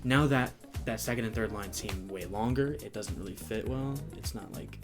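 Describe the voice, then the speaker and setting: A man's voice: lowish voice, normal speed, hardly any pauses. A man co-hosting a music reaction show, thinking aloud and reading out lyrics and notes in casual chat. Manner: rambling, thinks aloud, reads lyrics and annotations aloud.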